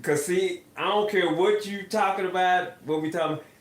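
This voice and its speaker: A man's voice: high-pitched, brisk. A man talking casually on a live stream, speaking in a preachy way about spirit and often backing up his co-host with murmured agreement. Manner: preachy, backs up the other speaker with steady mm-hmms. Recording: echoey room.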